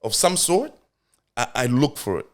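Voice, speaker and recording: A man's voice: mid-range voice, very animated, normal speed. A man from Mozambique with a South African accent, telling his story in a casual interview with many fillers and restarts. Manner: reflective, with frequent fillers and restarts. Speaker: podcast guest, company CEO.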